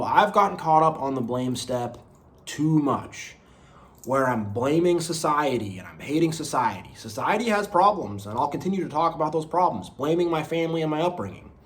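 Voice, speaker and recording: A man's voice: a little high, big pitch swings, normal speed. A man giving an unscripted motivational monologue, earnest and rambling, repeating phrases and saying "you know" often. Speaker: motivational video creator.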